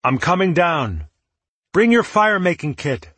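A man reading an audiobook, voicing the kind, concerned young companion Tallow in a gentle, steady voice. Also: sits high, a little slow, slightly rough, no echo, voice pushed up, full character voice. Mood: eager.

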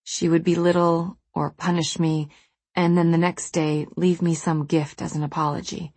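A woman narrating a novel in a calm, measured way. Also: lowish voice, husky, no room sound. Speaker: audiobook narrator. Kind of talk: scripted narration.

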